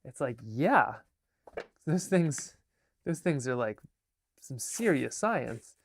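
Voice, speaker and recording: A man, an artist and filmmaker, chatting casually in a vlog, halting and restarting his sentences and often dropping to a murmur. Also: medium pitch, big pitch swings, slight background noise. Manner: halting, with many restarts and fillers.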